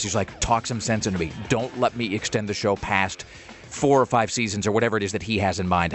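A man hosting a radio talk show, chatting casually and quickly with many fillers and restarts. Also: on the low side. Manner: fast-talking, animated, many fillers.

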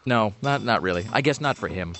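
Fast-talking sardonic male radio host. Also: lowish voice, animated, fairly bright tone, faint music behind. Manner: sardonic, rambling, dismissive. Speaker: radio talk show host. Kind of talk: casual talk radio banter.

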